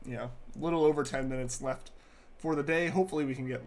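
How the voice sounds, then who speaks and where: Fast and steady in tone, this mid-range male voice belongs to a young live-stream host chatting casually with viewers during a game. He repeats himself often and is congested from a sore throat on the mend.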